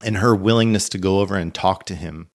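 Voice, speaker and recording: A man's voice: low-pitched, brisk. A man co-hosting a podcast in casual chat, rambling through anecdotes with many fillers. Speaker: podcast co-host.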